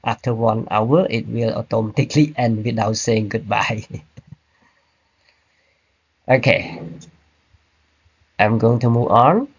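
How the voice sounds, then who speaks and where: Slow-talking teacher explaining grammar. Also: male voice, medium pitch, fairly even intonation, breathy edge, dull audio. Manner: slow, repetitive explaining with "right?" and "okay?" checks. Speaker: English teacher. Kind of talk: online grammar lecture. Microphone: computer mic on a video call.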